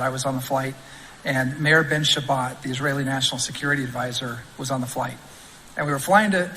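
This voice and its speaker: Bright-voiced man telling an anecdote. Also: medium pitch, long reverb tail, a little hiss or hum, rough recording. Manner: storytelling with many restarts. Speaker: former government official. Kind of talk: anecdote at a speech.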